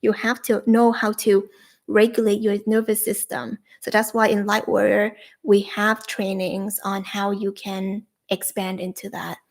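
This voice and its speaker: A young adult woman hosting a live-streamed spiritual coaching talk, leading soothing repeated affirmations with bursts of excitement. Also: medium pitch, unhurried, creaky.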